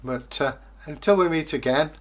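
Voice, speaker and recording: A man's voice: a little high, moderate pace. A man co-hosting a casual comment-reading chat, musing aloud and hesitating with many fillers. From England. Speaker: co-host.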